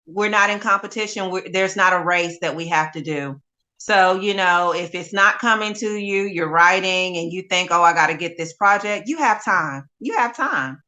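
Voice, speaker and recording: A woman gospel singer, a guest in an interview, talking in a relaxed, chill way. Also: fairly low pitch, normal speed. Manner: relaxed and chill, laughs easily. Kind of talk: casual interview chat.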